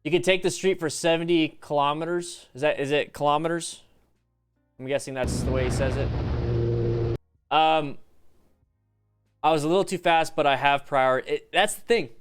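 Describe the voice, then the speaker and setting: A man hosting a casual livestream, reacting to motorcycle clips, chatty and excitable, greeting viewers and swearing now and then. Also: a little high, normal speed, pauses often, smooth, soft background music.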